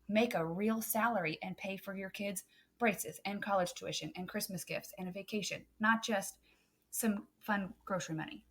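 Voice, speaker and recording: A woman's voice: medium pitch, normal speed. A woman photographer on a podcast, talking earnestly and emphatically with many "um" fillers. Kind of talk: casual podcast chat.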